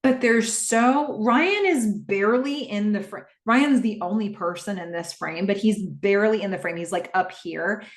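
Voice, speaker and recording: A woman hosting a podcast, retelling and reacting to a TV episode in a casual, animated way with lots of fillers. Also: medium pitch, normal speed, few pauses, roomy sound. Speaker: podcast host. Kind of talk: casual TV rewatch recap.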